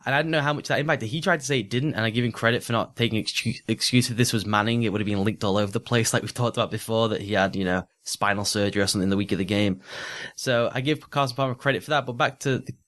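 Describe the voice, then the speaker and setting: A man's voice: fairly low pitch, racing, fairly bright tone. A man co-hosting a sports podcast, breaking down games in fluent, analytical casual chat with frequent restarts. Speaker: podcast co-host.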